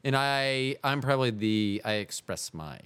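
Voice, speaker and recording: A man's voice: medium pitch, expressive, a little slow, a bit bright, clean tone, no echo. A man hosting a podcast, asking long, rambling, self-correcting questions with goofy jokes. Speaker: podcast host. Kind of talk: casual interview.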